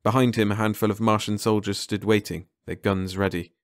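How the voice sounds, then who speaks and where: A man narrating a science fiction short story as an audiobook in a measured, dramatic way. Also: lowish voice, fairly even intonation, dry recording, clean studio sound.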